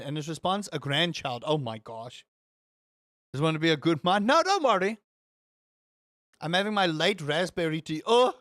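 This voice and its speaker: Young male streamer, high-pitched, animated and rambling, dry close-mic sound. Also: dry recording. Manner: animated, rambling, exaggerated exclamations. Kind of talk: casual chat with live chat.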